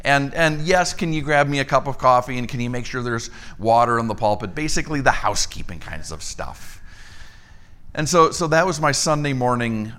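A man preaching a sermon, telling a story and acting out the dialogue in a lively voice. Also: vocal fry. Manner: animated storyteller, acts out dialogue with rising pitch. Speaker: pastor.

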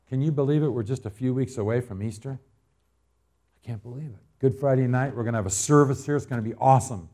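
A man from Arizona preaching a sermon as pastor, telling homespun stories and building to loud, emphatic appeals. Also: mid-range voice.

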